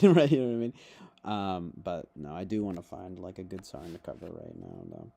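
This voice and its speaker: A man's voice: low-pitched, big pitch swings, a little fast, gravelly. Rambling, laughing young male streamer. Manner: joking, self-mocking, laughs often, sudden loud outbursts. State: intoxicated. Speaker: livestreamer. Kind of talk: rambling livestream chat to viewers.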